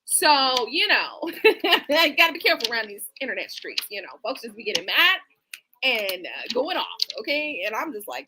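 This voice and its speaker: A woman doing a casual live-stream tarot reading, chatty and animated with laughing asides. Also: fairly high pitch, normal speed, slight background noise. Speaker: tarot reader. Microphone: streaming setup mic.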